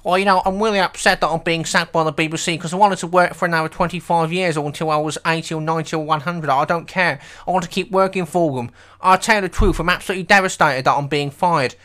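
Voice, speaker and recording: A man's voice: fairly even intonation, fast, hardly any pauses, fairly bright tone, natural voice. A man putting on a sacked radio host who whines and pleads, then shrieks in denial. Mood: whining. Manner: whining, pleading, turns to a shrill high tirade. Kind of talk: comedy sketch.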